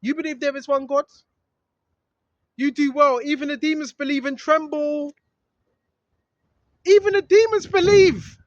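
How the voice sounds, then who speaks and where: A man's voice: extremely high pitch, a little slow, pauses often, no room sound. A man preaching informally, reading scripture and repeating his points with rising emphasis. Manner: emphatic, repetitive, rising to shouts. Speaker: street preacher. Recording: dull lo-fi recording with faint noise.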